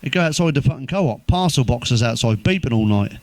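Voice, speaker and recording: A man telling crude stand-up jokes, swearing constantly, delivering deadpan one-liners and laughing at his own punchlines. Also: medium pitch, a little fast, dry recording. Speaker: comedian.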